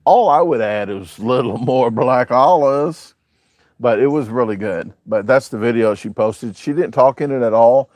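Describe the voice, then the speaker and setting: A man's voice: mid-range voice, moderate pace, darkish tone, dry recording. A man, hosting a casual live chat, reading out viewer comments and joking as he rambles. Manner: joking, rambling, with a southern-US way of talking. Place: home, showing a backyard on camera.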